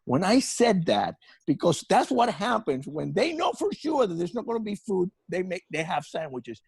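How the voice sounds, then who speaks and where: An older male comedian telling a long, animated comic story, full of profanity and stumbling restarts. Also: high-pitched, moderate pace, creaky, husky, dry recording.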